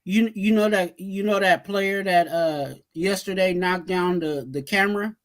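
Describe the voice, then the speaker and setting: A man's voice: high voice, measured pace. A man talking sports in casual chat, rambling, repeating himself and stumbling over his words.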